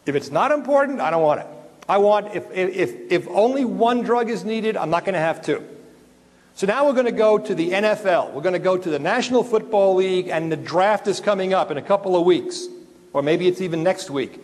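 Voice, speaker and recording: High-voiced man lecturing in a hall. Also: a little fast. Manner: animated, joking, swears and digresses. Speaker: dental emergency lecturer. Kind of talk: live lecture to dentists. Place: lecture room with an audience. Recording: long reverb of a large hall.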